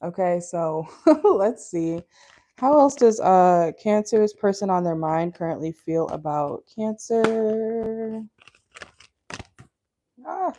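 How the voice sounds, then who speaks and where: A woman's voice: mid-range voice, animated, slow pace, pauses often, warm tone. A woman from Minnesota with a Minnesotan accent, giving a casual, blunt, talkative tarot reading from her car, full of fillers and laughter. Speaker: tarot reader. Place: parked car.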